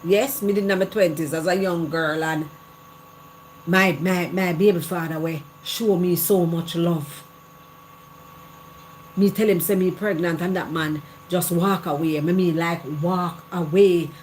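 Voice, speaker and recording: A Jamaican woman of middle age talks in patois on a live stream, candid and repetitive, circling back to the same phrases. Her voice sits a little low for a woman. A faint background hiss runs under it. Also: steady tone, unhurried. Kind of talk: casual live chat.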